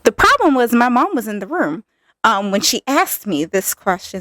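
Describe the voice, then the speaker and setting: A woman's voice: medium pitch, normal speed, no echo, studio quality. Candid woman host telling her story. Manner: candid, filler-heavy, animated retelling. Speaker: podcast host. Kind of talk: personal storytelling.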